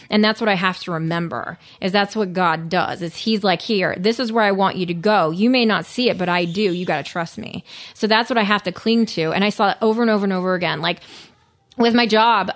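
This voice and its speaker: A woman's voice: mid-range voice, fairly bright tone. A woman talking earnestly in a casual conversation, sharing a personal recovery story with lots of fillers. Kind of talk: casual chat.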